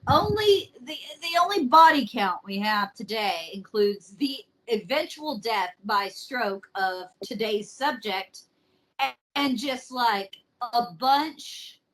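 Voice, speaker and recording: A woman's voice: fairly high pitch, a bit bright, poor audio. A woman hosting a podcast, telling a true story in a casual, joking way with some swearing. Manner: slow, joking, swears freely.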